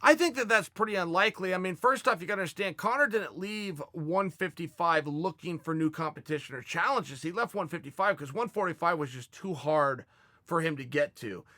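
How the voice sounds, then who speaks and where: A man hosts a fan question show and talks through stories and opinions in a loose, animated way. His voice sits high and sounds very bright and forceful. The sound is dry and close. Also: a little fast, no room sound. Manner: animated, conversational, retells scenes with quoted dialogue. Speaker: host answering fan questions. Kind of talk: casual storytelling and commentary.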